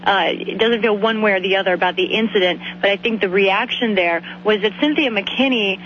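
A woman reporter lays out the news in a measured, explanatory way. The radio audio is dull and lo-fi, with a faint hum underneath. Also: mid-range voice. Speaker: congressional reporter.

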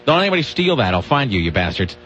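A man hosting a radio talk show, joking in casual banter with quick asides. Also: mid-range voice, sing-song, a bit bright. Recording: dull lo-fi radio audio with faint hum.

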